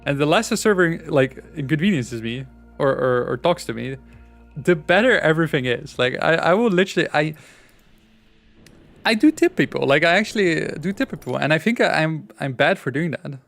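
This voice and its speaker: A man's voice: on the high side, lively intonation, normal speed, creaky, a bit bright, faint music behind. Non-american guy streaming a game, rambly, lots of "like", laughs at his own jokes. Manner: rambling, frequent restarts and "like". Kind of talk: casual gameplay chat.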